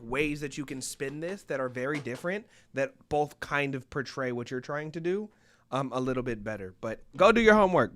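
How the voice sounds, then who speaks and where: A man's voice: on the high side, no echo. A man co-hosting a live music-review stream, chatting playfully and joking with his co-host. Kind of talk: casual live-stream chat.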